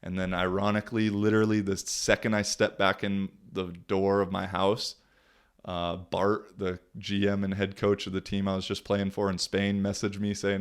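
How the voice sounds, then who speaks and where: Low-voiced young man, rambling and profane. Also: monotone, normal speed, clear, resonant tone. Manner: profane, rambling, full of fillers. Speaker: podcast host and football player. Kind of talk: casual storytelling on a podcast.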